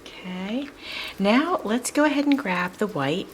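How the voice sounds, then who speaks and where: A woman's voice: a little high, big pitch swings, normal speed, a little hiss or hum, rough recording. A woman hosting a crafting tutorial, chatting in a casual, upbeat way and laughing now and then as she works. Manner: chatty, upbeat, laughs often while working. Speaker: craft video host.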